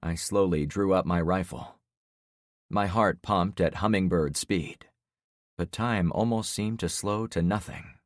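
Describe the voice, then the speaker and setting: Deep-voiced male audiobook narrator. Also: measured pace, dry recording, clean studio sound. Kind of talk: scripted first-person narration.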